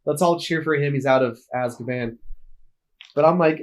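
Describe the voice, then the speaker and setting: Male podcast co-host, higher-pitched, chatty and quick to laugh. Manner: chatty, laughs often, nitpicking. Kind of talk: casual film discussion.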